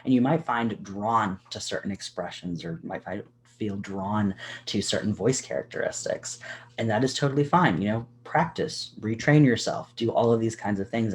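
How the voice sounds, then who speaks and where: Male workshop presenter, lowish voice, chatty delivery full of fillers, gesturing as he talks. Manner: casual, chatty, many "you know" fillers; gestures a lot with his hands while talking. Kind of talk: educational workshop talk to camera. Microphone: recorded for a video.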